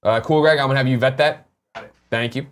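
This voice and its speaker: A man's voice: mid-range voice, steady tone, brisk. A man co-hosting a casual morning show, reading viewer tips aloud and joking around with loose swearing. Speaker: podcast co-host.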